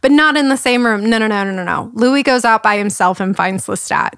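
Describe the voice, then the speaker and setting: A woman's voice: on the high side, brisk, fairly bright tone, no room sound, clean studio sound. A young woman co-hosting a podcast, chatting casually and laughing often as she recounts a story's plot. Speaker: podcast co-host. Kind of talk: casual chat.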